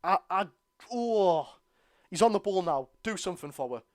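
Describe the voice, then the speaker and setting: A young man with a strong Geordie accent rants bluntly through a live football watchalong, exasperated and outspoken. His voice sits high for a man. The recording is dry and close, with no room sound. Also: expressive, normal speed, dry recording. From North East England. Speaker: football fan streamer.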